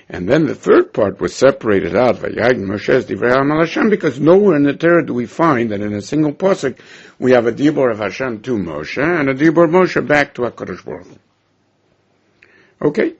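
Gravelly man teaching a Talmud class. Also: mid-range voice. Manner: lively, chuckling explanations. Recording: dull lo-fi recording.

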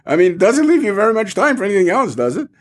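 A man's voice: high-pitched, big pitch swings, very fast. A man teaching a Talmud class, explaining animatedly and asking rhetorical questions, with Hebrew terms mixed in.

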